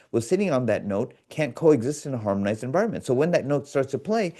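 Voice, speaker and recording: Mellow-voiced man explaining at length. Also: mid-range voice. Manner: earnest, explains with analogies, acts out quoted people. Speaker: guest, biofeedback specialist. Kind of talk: explanatory podcast interview.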